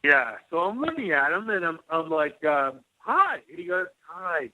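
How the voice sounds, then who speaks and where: A man's voice: on the high side, animated, moderate pace, bright, forceful tone. A middle-aged man, a former White House officer, telling rambling anecdotes as an interview guest and acting out both sides of the dialogue. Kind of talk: casual storytelling interview. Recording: tinny phone line.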